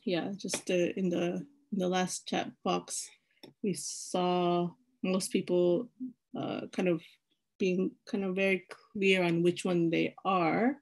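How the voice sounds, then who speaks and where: A woman's voice: lowish voice, level tone, takes it slowly, creaky, a little mellow. A woman leading an online personality-type workshop over a video call, talking in a chatty, hesitant way with many fillers and restarts.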